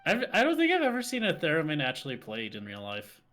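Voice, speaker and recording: A man's voice: fairly high pitch, huge pitch swings, fast talker, pushed and bright. A man co-hosting a let's play in casual chat, talking things through aloud and laughing easily.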